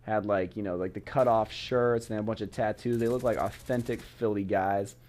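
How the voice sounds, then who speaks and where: A young man from Portland, Oregon, talks in a fairly low, steady, darkish voice at a moderate pace. Vlogging casually while away on a work trip, he rambles through his travel chat with frequent "like" and "you know," in typical West Coast fashion.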